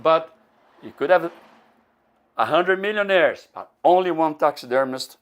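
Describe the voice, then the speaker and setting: An older man from Brazil telling a personal story in English, animated and rambling, with frequent laughs and many restarts. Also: fairly high pitch, measured pace, muffled recording. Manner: animated, acts out quoted voices, laughs often.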